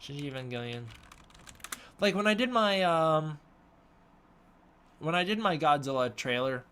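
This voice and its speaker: A young man hosts a casual live-stream Q&A at his desk, his voice sitting a little high. He mumbles, hedges and trails off as he answers chat questions one by one. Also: animated, measured pace, bright, forceful tone, slight background noise. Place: home room with a snake tank.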